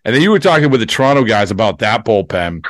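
A man's voice: on the low side, very animated, quick pace, fairly bright tone, dry recording. A man hosting a casual podcast interview, asking loose questions full of restarts.

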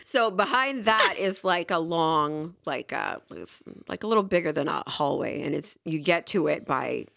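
A woman in her thirties, a podcast guest chatting casually, telling animated stories and acting out what people said. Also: low-pitched, moderate pace, creaky, few pauses, dry recording, studio quality. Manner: animated storyteller acting out quotes. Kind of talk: casual chat.

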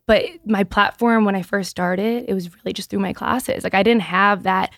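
A woman's voice: mid-range voice, fairly quick, gravelly, no room sound. A woman in her thirties who talks openly in a casual podcast interview, often restarting her sentences. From Boston area. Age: 30s. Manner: candid and animated, with frequent restarts and "like". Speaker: guest, business founder.

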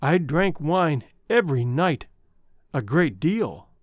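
Storybook reading: man playing a remorseful young woman, raised pitch, very lively delivery. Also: slow pace, no echo, studio quality. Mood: earnest. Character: young woman, former chorus singer, remorseful.

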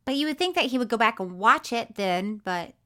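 Woman, podcast co-host, casual chat, animated storyteller, bouncy pitch, a bit high. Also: brisk. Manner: animated storytelling, acts out quotes, laughs often.

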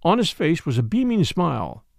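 A man's voice: on the high side, normal speed, vocal fry, no echo, clean studio sound. A man narrating a mystery novel as an audiobook, reading expressively. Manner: expressive storytelling.

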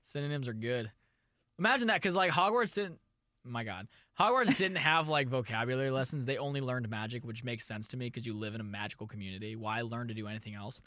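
A man's voice: medium pitch, quick pace, sharp tone, no echo, studio quality. A man co-hosting a comedy podcast from the Midwest, bantering casually and riffing in silly voices. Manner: joking, riffs into fake British parent voice. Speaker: podcast co-host.

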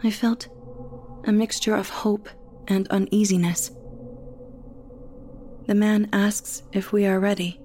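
A woman narrates a first-person story in a quiet, reflective manner. She reads slowly, in a mellow, soft-edged voice at a middle pitch. A faint hum runs under the recording. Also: flat delivery.

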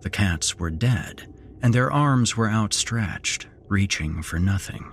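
A man hosting a horror podcast, narrating a scripted horror story in a slow, grave storytelling manner. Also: fairly low pitch, expressive, a little hiss or hum.

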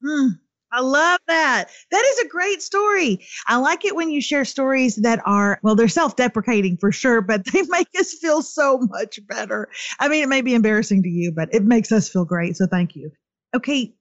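A woman's voice: a little high, animated, normal speed, no echo, muffled recording. A woman hosting an interview, responding appreciatively and quoting from the guest's book. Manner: warmly appreciative, reads quotes aloud from a book. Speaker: host.

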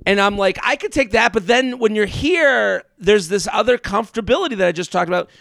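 A man co-hosting a podcast from home, telling animated stories and acting out the people in them. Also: sits high, fairly quick, vocal fry, no echo, studio quality. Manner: animated storyteller, acts out quotes. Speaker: podcast co-host. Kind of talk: casual chat. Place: parents' pool house. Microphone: remote recording.

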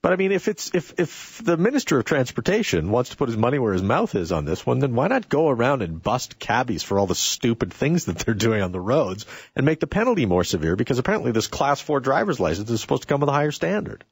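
A man's voice: mid-range voice, fast talker, few pauses, slightly rough, no echo. A man hosting a radio talk show, speaking sarcastically about local issues from a studio. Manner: sarcastic, animated.

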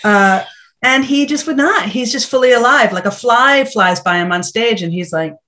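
A middle-aged actress chatting as an interview guest, telling lively stories and acting out what people said. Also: female voice, on the high side, normal speed. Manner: animated storytelling, acts out quotes. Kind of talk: casual interview chat.

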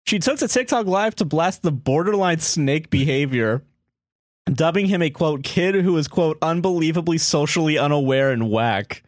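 A man's voice: on the high side, expressive, normal speed, dry recording, studio quality. A man co-hosting a podcast in casual chat, reading an article aloud and then riffing with a laid-back, profane manner. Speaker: podcast co-host.

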